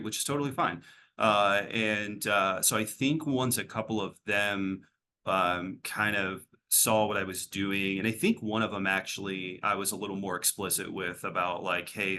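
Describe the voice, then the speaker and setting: A man's voice: low-pitched, sharp tone, slight background noise. A man working as a behavioral health clinician, answering interview questions in a rambling, casual way, full of fillers and restarts.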